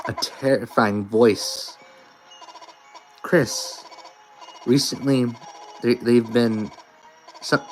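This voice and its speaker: A man's voice: medium pitch, lightly acted. A man voicing a nervous, timid teenage girl who stammers and hesitates.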